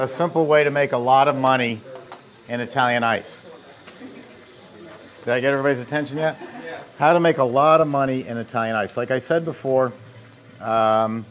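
A man hosting a how-to show and talking casually about his trade, rambling through anecdotes with joking asides. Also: mid-range voice. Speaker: host and ice machine maker. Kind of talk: casual instructional talk.

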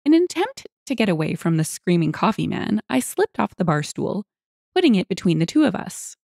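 A woman narrating internet stories aloud, with lively, expressive storytelling. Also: medium pitch, fairly quick, gravelly, no room sound, studio quality.

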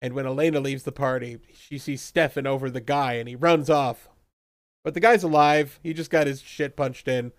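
A young man recapping a TV episode in casual chat, animated and laughing often as he acts out characters in quick voices. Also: medium pitch, dry recording, studio quality. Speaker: podcast co-host recapping a TV episode.

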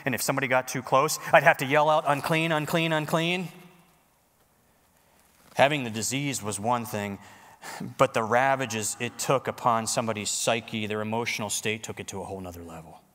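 Animated pastor in a reverberant church. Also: male voice, mid-range voice, brisk. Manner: animated, conversational preaching with jokes and congregation interaction. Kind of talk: sermon. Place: church worship center.

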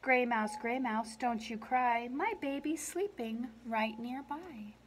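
A woman's voice: a little high, slow, a little hiss or hum. A woman librarian reads a picture-book lullaby aloud for children at story time. She makes playful animal sounds, uses a lilting sing-song reading, and asks the children questions along the way.

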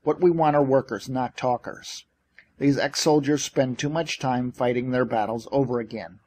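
A man's voice: medium pitch, fairly even intonation, moderate pace, a little mellow, no echo, lightly acted. A man voicing a sour, defiant office manager in an audiobook, complaining about his boss's choices. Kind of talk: audiobook character reading.

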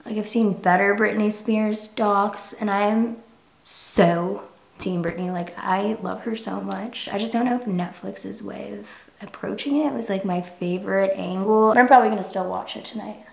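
A woman's voice: medium pitch, creaky, roomy sound, a little hiss or hum. A young woman in her twenties vlogging in casual, frank chat to camera, with lots of "like". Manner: chatty, frank, says "like" often.

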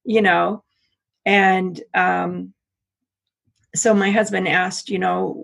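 A middle-aged American woman telling a personal story in an interview, halting with frequent restarts. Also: on the low side, little pitch movement, gravelly, husky. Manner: halting, many restarts and repeats. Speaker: interview guest.

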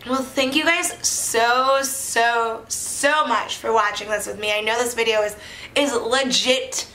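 A woman's voice: a little high, steady tone, measured pace, bright, forceful tone. A woman in her twenties chatting casually to camera in a giddy, rambling way, full of "like" and laughter, as a wine review vlogger. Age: 20s. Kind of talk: casual vlog chat. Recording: echoey room with faint background noise.

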